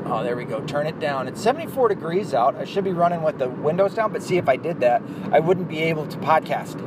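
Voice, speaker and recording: A man ranting casually and profanely while podcasting from his car, rambling and self-mocking. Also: fairly high pitch. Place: inside a moving car. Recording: car noise behind voice.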